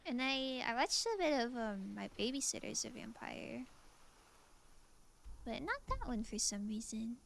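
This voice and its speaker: A woman's voice: on the high side, big pitch swings, measured pace, creaky, a bit bright, a little hiss or hum. A woman streamer chatting casually while playing a game, musing aloud and answering her chat.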